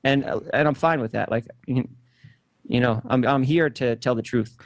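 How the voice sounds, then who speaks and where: A man being interviewed, defending himself in halting speech full of restarts. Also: medium pitch, no room sound. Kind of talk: conversational interview.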